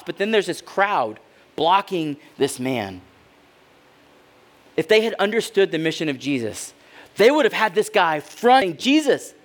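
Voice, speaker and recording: A man preaches with a high, lively voice that climbs and falls all over the place. He sinks into quiet, heavy pauses, then bursts out loudly when he voices the people in the story. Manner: dramatic, swings from hushed to loud voicing of characters. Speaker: pastor. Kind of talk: sermon.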